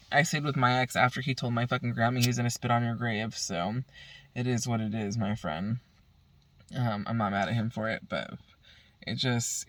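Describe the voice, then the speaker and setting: A man's voice: mid-range voice, pushed and bright, no room sound. A man from the Bay Area ranting profanely and heatedly in a casual vlog. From San Francisco Bay Area. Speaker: vlogger.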